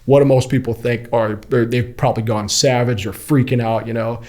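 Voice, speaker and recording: A man from Kuwait in his thirties, a podcast guest telling stories in a casual, animated way and acting out the quoted voices. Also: medium pitch, brisk. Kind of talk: casual storytelling interview.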